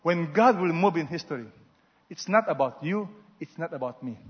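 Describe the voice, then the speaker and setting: A man preaching a sermon, swinging between loud exhortations and soft asides and having the congregation repeat after him. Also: a little high, animated, normal speed, husky. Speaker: pastor. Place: large church hall. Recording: muffled sound with long hall reverb.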